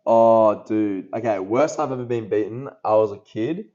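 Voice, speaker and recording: A man's voice: lowish voice, normal speed, a little mellow. A young Australian man co-hosting a podcast, brash and casual, swearing and calling his friend bro. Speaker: podcast co-host. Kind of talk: casual chat. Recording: dull lo-fi podcast audio.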